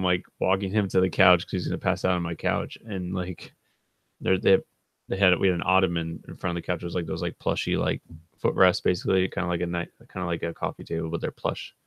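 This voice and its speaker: With a low voice edged by vocal fry and no room sound at all, a man in his thirties chats casually on his live stream. He wanders through humorous stories about a friend, often breaking into laughter and raising his voice when quoting people.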